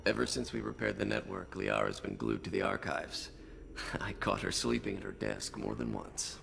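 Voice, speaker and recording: A man's voice: sits low, sing-song, normal speed, gravelly, a bit bright, a little hiss or hum, exaggerated voice. An actor playing a weary male information broker in a video game, with a wry, understated manner.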